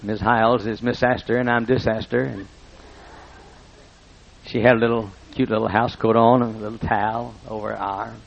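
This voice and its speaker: Gravelly old-school preacher telling funny folksy stories, muffled lo-fi tape. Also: male voice, on the low side, little pitch movement, normal speed, a little hiss or hum. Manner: folksy, humorous anecdotes with self-interruptions. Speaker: pastor. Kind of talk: storytelling sermon. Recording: dull lo-fi recording.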